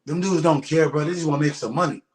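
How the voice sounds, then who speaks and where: Man, retired boxer, blunt and profane, casual talk, slightly higher voice, echoey room. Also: quick pace. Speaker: retired pro boxer, interview guest. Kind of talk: casual conversation.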